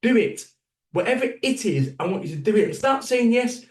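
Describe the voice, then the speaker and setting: A man in his fifties, a motivational speaker from Salford, England, addresses a crowd with blunt, sweary rhetorical questions during a keynote. Expressive and a little fast, his voice sits slightly high for a man and echoes from a distance around the hall.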